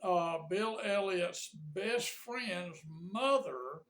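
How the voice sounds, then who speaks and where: A man's voice: high-pitched, expressive, very slow, a bit bright. Older man, folksy and rambling. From Georgia, USA. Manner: folksy, rambling, with frequent fillers and restarts. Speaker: pastor. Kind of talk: casual reminiscing monologue to camera.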